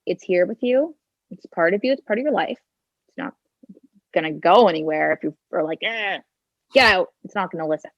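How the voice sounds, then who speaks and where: Fairly quick and lively in intonation, a twenty-something woman guests on a podcast and shares a personal story, full of "like" and "kinda" as she voices her own thoughts. Her voice sits fairly low. She's on a handheld phone, giving a dull, lo-fi sound without room echo.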